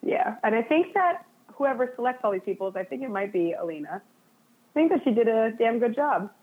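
A woman's voice: on the high side, lively intonation, moderate pace, husky. A woman guest in a casual interview, talking in a chatty, self-deprecating way with lots of "like" fillers. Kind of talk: casual conversation. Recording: phone-like narrow sound.

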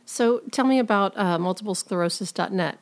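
A woman's voice: mid-range voice, fairly quick. A woman interviewing a guest, asking questions and giving brief, encouraging replies. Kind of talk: casual interview.

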